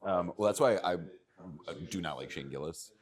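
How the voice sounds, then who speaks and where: A man's voice: low-pitched, normal speed, crowd noise. A man on a comedy podcast, chatting casually with wry, digressive stories. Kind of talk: casual chat.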